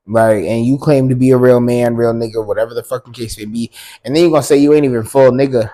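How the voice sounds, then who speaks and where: A man in the middle of a solo podcast rant, with a pitch neither high nor low for a man. He talks bluntly and swears freely. He stacks filler words and restarts, then jumps up sharply when he drives a point home. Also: fairly even intonation, fast talker, dark tone. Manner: blunt, profane, filler-heavy with sudden emphatic rises. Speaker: podcast host.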